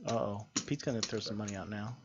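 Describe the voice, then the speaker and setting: A man's voice: fairly low pitch, fairly even intonation, fast. A man co-commentating a poker stream, chatty and reading out viewer messages. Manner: chatty, reads chat messages aloud. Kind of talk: casual play-by-play commentary. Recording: muffled stream audio with noise.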